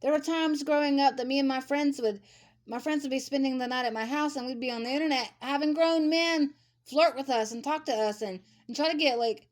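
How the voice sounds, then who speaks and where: A woman's voice: sits high, fairly quick. A woman in her thirties giving a blunt, ranting commentary to camera, repeating herself for emphasis. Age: 30s. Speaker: vlogger. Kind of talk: casual commentary.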